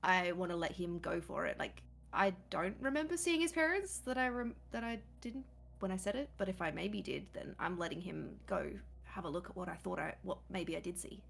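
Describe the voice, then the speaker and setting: A woman playing a tabletop game, her voice husky with a gravelly fry. She thinks aloud and second-guesses how her character's moves work. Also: fairly low pitch, lively intonation, brisk, fairly bright tone. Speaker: player.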